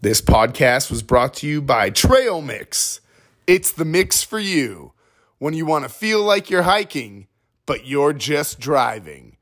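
A man's voice: a little high, sing-song, slow pace, a bit bright, pitched above the performer's own voice, exaggerated voice. A man putting on an over-eager male ad announcer voice with sing-song mock commercial delivery. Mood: mock-upbeat.

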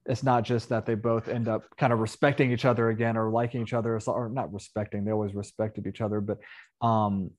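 A man's voice: lowish voice, little pitch movement, fast talker, a little mellow. A man hosting a casual movie review chat, talking in a rambling way with many fillers and self-corrections. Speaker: podcast host.

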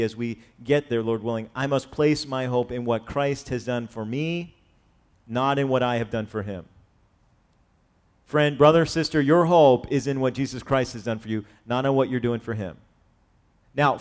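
Earnest male pastor preaching a sermon. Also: a little mellow. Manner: earnest preaching that builds to emphatic stressed phrases then drops low; repeats words while driving a point.

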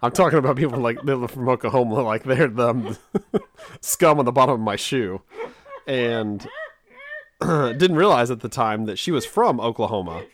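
A man's voice: mid-range voice, huge pitch swings, normal speed. A man from Kansas, co-hosting a podcast, telling a childhood story in a rambling, self-mocking way with frequent restarts. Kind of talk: casual storytelling chat.

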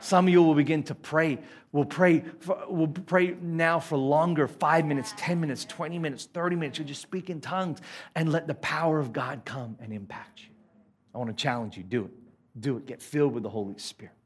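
An Australian pastor preaches a sermon at a church service in a high, bright voice, speaking a little fast. He is earnest and emphatic but slips in light, playful asides.

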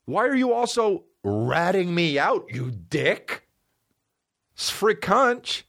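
Cult leader put on by a male comic: high-pitched, furious, foul-mouthed. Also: very animated, takes it slowly, exaggerated voice. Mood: angry ranting. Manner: profane, yelling insults. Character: ranting male cult leader, shrill and hostile.

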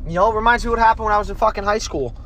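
A man's voice: sits high, racing, bright, forceful tone, slight background noise. A young man hosting a podcast, ranting bluntly and profanely in a rambling way while driving his car. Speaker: podcast host. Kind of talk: casual rant while driving. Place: in a car on the road.

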